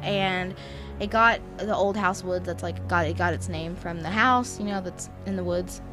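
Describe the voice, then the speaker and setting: A woman's voice: on the low side, normal speed, music in the background. A young woman with a Southern US accent co-hosting a podcast, telling ghost stories in a chatty, rambling way. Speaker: podcast co-host. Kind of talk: casual storytelling chat.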